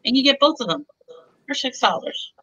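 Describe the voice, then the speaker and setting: A woman pitching bargains on a live stream in a chatty, bubbly way. Her voice is bright and forward, and she keeps talking up each deal as she shows the items. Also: expressive, moderate pace, dull audio. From Texas. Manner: chatty, bubbly, pushes deals. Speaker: seller on a live online auction.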